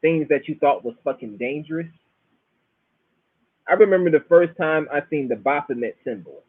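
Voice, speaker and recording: A man's voice: a little high, animated, moderate pace, pauses often, breathy edge, no room sound. A man with a Florida accent rambling through a casual, slang-filled monologue as host. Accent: Southern US, Florida. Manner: profane, laid-back slang, storytelling. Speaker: show host. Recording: dry, tinny phone-like sound.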